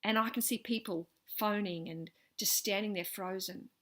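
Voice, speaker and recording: A middle-aged woman speaks straight to the camera, telling her own story in an earnest vlog. Her voice is animated. It rises with feeling at the tense moments and falls almost to a whisper at the tender ones. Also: mid-range voice, normal speed. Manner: earnest, animated, voice rising with intensity and dropping to near whispers. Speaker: vlogger sharing personal stories.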